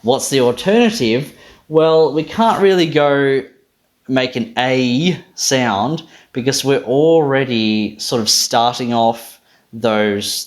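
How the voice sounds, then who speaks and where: Guy breaking down phonetics, chatty and laid back, thinks out loud, mid-pitched voice. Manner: thinking aloud, self-correcting; casual, occasional swearing. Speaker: pronunciation teacher. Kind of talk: casual phonetics explainer.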